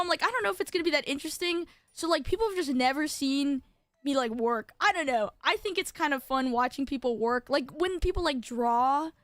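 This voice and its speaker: Bubbly high-voiced young woman streamer. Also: fairly bright tone, no room sound. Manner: bubbly, lots of filler words, jumps between topics. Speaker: VTuber streamer. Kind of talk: casual live-stream chat.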